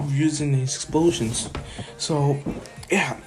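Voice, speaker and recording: A man's voice: medium pitch, steady tone, slow, long pauses, darkish tone, faint music behind. A man casually retelling an improvised fan story, rambling with many restarts and chuckles.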